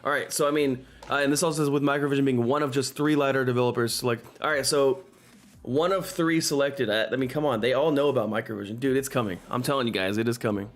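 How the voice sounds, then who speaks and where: A man hosting a live stock market stream, talking excitedly and in exasperation, repeating himself and swearing into a desk microphone. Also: mid-range voice, quick pace. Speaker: stock market livestream host.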